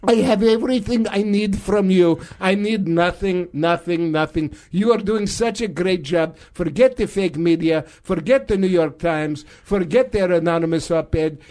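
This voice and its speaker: Play it as a man doing an older Russian strongman: thick accent, high and sly, broken English, chuckles between threats. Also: unhurried, few pauses, darkish tone. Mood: gleeful.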